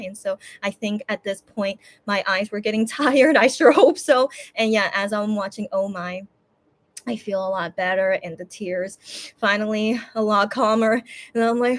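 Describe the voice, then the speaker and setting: A woman's voice: medium pitch, fairly even intonation, moderate pace. A woman vlogger giving a casual recap of a concert she watched, emotional and rambling, with many restarts and quoted self-talk. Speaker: fan vlogger.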